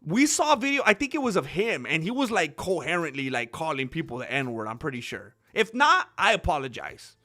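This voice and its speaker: Young man, casual commentary host, high lively voice, bright edge, rambling with restarts. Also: a little fast, few pauses. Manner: rambling, with many restarts and fillers.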